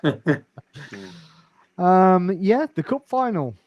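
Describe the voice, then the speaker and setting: A man chatting about football in a relaxed podcast, speaking in a measured way and stumbling over fillers. His voice sounds close and dry. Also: high-pitched, no echo, highs cut off. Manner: measured, hesitant, many fillers. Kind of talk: casual football chat.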